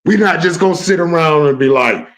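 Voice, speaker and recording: A man with a fairly high voice hosting a live stream. He rants in a brash, profane and confrontational way and calls out his critics directly. The delivery is loud-mouthed and combative. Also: brisk. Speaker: livestream host.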